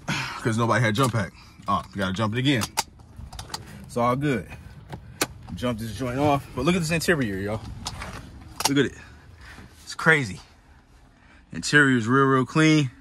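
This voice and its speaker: A man casually vlogging at a car auction lot, speaking in a laid-back, slangy way and often calling out "man" and "y'all". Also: medium pitch. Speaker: used car dealer vlogger. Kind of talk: casual vlog chat. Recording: outdoor phone recording with noise. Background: cars and outdoor traffic noise.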